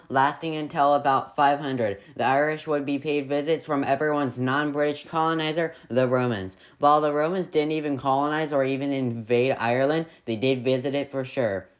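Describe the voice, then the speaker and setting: A man narrating a history video in a scripted way, with playful, sarcastic asides. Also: medium pitch.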